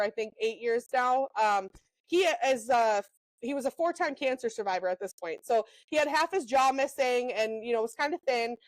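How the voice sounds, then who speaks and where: A young woman co-hosting a podcast, telling animated stories in a casual chat, full of "um" and "like". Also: fairly high pitch, dry recording, poor audio. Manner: animated storyteller, lots of "um" and "like", quick asides. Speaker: podcast co-host.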